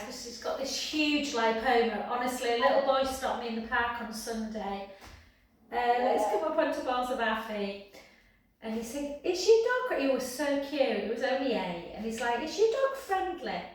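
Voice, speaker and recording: A woman's voice: on the high side, moderate pace. A woman teaching a pilates class, counting down reps and chatting with stories between exercises. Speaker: pilates instructor. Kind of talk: live class instruction with counting. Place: her home exercise studio. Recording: very echoey room, mic far off.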